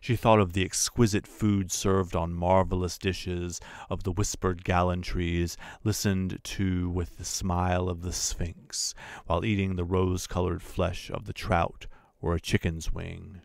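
Low-voiced guy narrating an audiobook, slow and deliberate, super dry close mic. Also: little pitch movement, gravelly, dry recording. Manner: measured and deliberate. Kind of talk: scripted literary narration.

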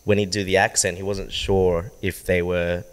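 A man's voice: low-pitched, flat delivery, normal speed, clean tone. A man hosting a podcast, chatting casually and relating the guest's story to others. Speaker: podcast host.

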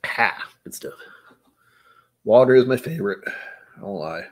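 On his stream, a man with a slightly low voice casually tastes whiskey, rambling, joking, and answering chat as he goes. His delivery is unhurried, with lively intonation.

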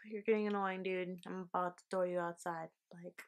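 A woman's voice: medium pitch, steady tone, moderate pace, few pauses. Chatty young woman telling a vlog story. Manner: chatty, swears, full of fillers and laughs. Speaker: vlogger.

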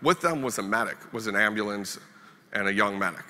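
A man from Minnesota tells his story as a keynote speaker, keeping a wry, self-deprecating humor running through it. His voice sits slightly low yet sounds bright and forceful. The long reverb of a conference hall trails after his words. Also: expressive, a little fast.

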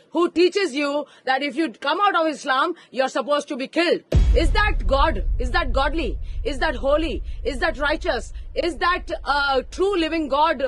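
Brief: female street preacher, high voice, impassioned, outdoor park, handheld mic. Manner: fervent, rising to emphatic shouts.

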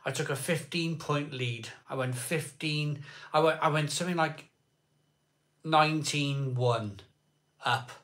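A man's voice: a little high, measured pace, a bit bright. A man chatting casually with viewers on a live beer stream, greeting people by name and rambling between topics. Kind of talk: casual chat reading live comments.

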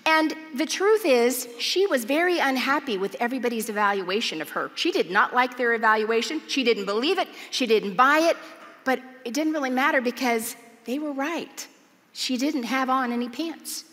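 A woman speaker delivers a sermon at church, mixing humor and sincere conviction in her stories. She speaks at a measured pace in a high, expressive, sharp voice, with long reverb from the large auditorium.

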